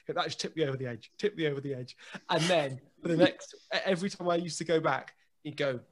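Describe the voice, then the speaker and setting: A man, a guest telling a lively anecdote in casual chat, full of restarts and acted dialogue. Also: on the high side, fast talker. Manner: lively storyteller, many restarts and quoted dialogue.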